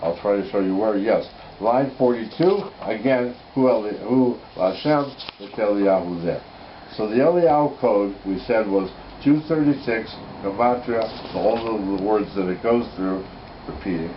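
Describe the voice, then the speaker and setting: A man with a fairly low voice, speaking at normal speed, leads a casual Bible code lesson on Torah codes from home. The slightly muffled recording carries a little hiss or hum, and he's eager, thinking out loud and amending himself.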